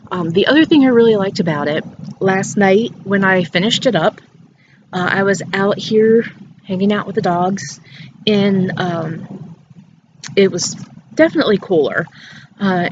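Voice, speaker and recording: A woman hosting a knitting podcast outdoors, chatting playfully about her work and laughing often. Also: medium pitch. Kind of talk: casual show-and-tell chat. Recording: dull outdoor recording with faint background noise.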